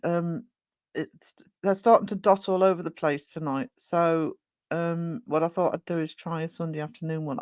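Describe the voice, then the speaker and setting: A live streamer chatting casually with viewers, croaky from a sore throat, rambling with many ums. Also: medium pitch, no room sound.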